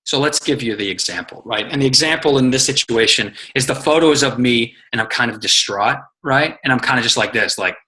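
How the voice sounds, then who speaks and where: A man coaching his team in casual, energetic talk, telling stories, acting out quotes and swearing freely. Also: mid-range voice, fairly quick, hardly any pauses, rough recording. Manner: energetic, profane, storytelling with acted quotes. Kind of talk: casual motivational teaching.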